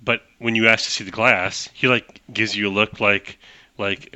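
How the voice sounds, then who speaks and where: A man narrating as game master of a tabletop game, talking in animated quick bursts with restarts. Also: on the low side, smooth, no room sound.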